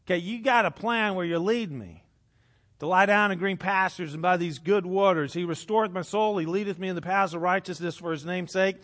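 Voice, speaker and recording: Animated middle-aged male preacher. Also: high-pitched, brisk. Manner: animated, swinging from hushed to loud. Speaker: pastor. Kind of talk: sermon.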